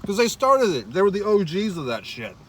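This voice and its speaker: A man's voice: sits high, sing-song, fairly quick, fairly bright tone. A man ranting casually to his viewers while he eats, swearing often and talking in wry, rambling asides. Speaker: vlogger. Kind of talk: casual eating vlog rant. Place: in a car.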